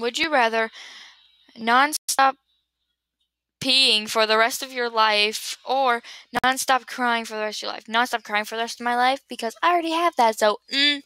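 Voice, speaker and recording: A young woman chats to her computer webcam at home in a bright, fairly high voice, giggly and scatterbrained. She often trails off and starts again. The sound is dry and close, with no room echo. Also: moderate pace. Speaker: vlogger answering would-you-rather questions. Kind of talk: casual rambling chat to camera. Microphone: built-in computer webcam mic.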